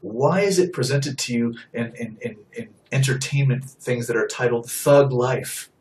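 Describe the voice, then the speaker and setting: A man's voice: mid-range voice, a little slow, darkish tone, far from the mic, a little hiss or hum, low-quality recording. A man giving an impassioned sermon, blunt and emphatic, driving points home by repeating them. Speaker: street preacher.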